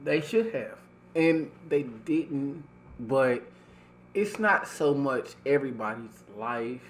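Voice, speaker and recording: A man hosting a casual podcast, talking in a slow, deliberate, reflective way. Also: mid-range voice, a little hiss or hum. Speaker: podcast host.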